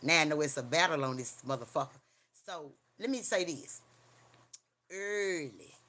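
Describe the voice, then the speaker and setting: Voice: medium pitch, lively intonation, moderate pace, pushed and bright. A livestream host talking casually from home, rambling and profane, mixing a spooky personal story with street preaching and often checking in with viewers. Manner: rambling, slangy and profane, keeps asking viewers "you hear me?".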